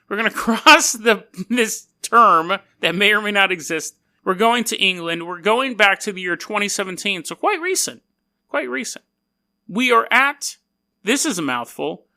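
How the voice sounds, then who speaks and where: A man's voice: high voice, bright, forceful tone. A man hosting a podcast, telling a story casually with rambling, self-deprecating jokey asides. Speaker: podcast host.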